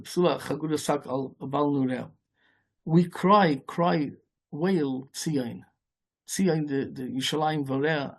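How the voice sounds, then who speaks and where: A man, a rabbi, giving a sermon in a rambling, halting way, with many restarts and Hebrew and Yiddish words mixed in. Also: on the high side, darkish tone.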